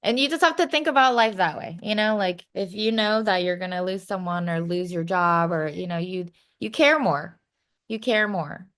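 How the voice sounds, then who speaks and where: A woman's voice: on the low side, brisk, hardly any pauses, fairly bright tone, clean tone. Frank, casual woman giving advice. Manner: frank, conversational, many "you know" and "like" fillers. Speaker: podcast guest.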